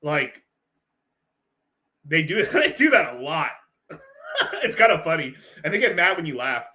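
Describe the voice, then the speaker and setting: Bright-voiced man ranting casually with laughs. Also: a little high, very animated, a little slow. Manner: loose, rambling, laughs often, swears a lot. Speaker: stream host reacting to a clip. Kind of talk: casual profane reaction commentary.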